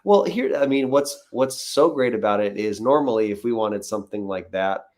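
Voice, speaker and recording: A man's voice: on the low side, animated, normal speed, darkish tone. A man, a visiting guest, chatting casually on a live stream and telling rambling stories full of fillers. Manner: rambling, filler-heavy storytelling.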